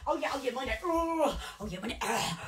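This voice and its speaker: Woman, very high voice, giggly, exclamatory livestream chatter, swooping lively pitch. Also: brisk, a little hiss or hum. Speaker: livestream host. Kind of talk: casual Instagram livestream chat.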